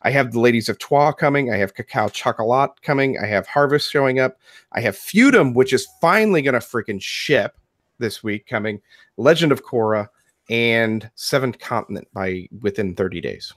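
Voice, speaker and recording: A man's voice: medium pitch, animated, moderate pace, a bit bright, no room sound, studio quality. A man co-hosting a casual podcast stream, rambling bluntly and swearing casually. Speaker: podcast co-host.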